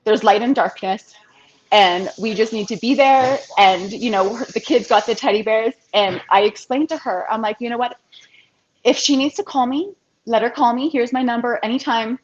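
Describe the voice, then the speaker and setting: A woman's voice: fairly high pitch, normal speed. A woman in her thirties, an interview guest telling a personal story in a heartfelt, chatty way. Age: 30s. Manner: heartfelt, chatty, quotes others in lively voices. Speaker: interview guest, financial advisor. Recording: dull lo-fi sound.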